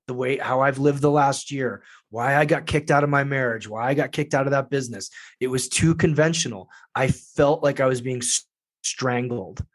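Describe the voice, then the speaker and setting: Energetic, foul-mouthed male storyteller. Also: medium pitch. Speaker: podcast guest. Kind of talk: casual storytelling.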